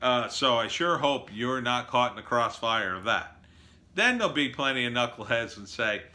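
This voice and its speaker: A man delivering a sarcastic, animated opinion monologue as a political commentator. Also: mid-range voice, normal speed.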